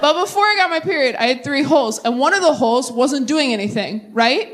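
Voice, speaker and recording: Brash, animated young woman doing stand-up. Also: sits high, noisy background. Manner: brash, profane, rapid tangents. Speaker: stand-up comedian. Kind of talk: live stand-up with crowd work. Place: comedy stage before a live audience.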